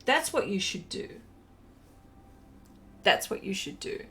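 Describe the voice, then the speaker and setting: A woman's voice: medium pitch, big pitch swings, takes it slowly, fairly bright tone, slight background noise. An Australian woman hosting a casual art live stream. She chats with viewers, reads their comments aloud and laughs often. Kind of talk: casual live-stream chat while painting.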